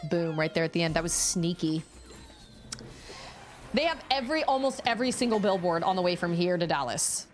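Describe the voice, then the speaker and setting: A woman's voice: lowish voice, animated, brisk, pauses often, slight background noise. A woman streaming a video game, chatting in a rambling, exclamatory way while she plays. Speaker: gaming streamer. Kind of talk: casual chat while playing.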